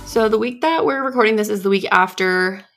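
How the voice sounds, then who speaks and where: A woman's voice: mid-range voice, a little fast, fairly bright tone, faint music behind. A woman in her twenties co-hosting a podcast, chatting casually and telling rambling stories. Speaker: podcast co-host. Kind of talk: casual chat.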